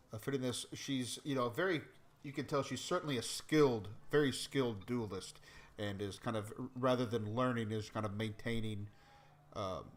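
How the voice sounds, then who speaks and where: A man narrating and explaining rules as game master of a tabletop role-playing game, talking with many fillers and restarts. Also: mid-range voice.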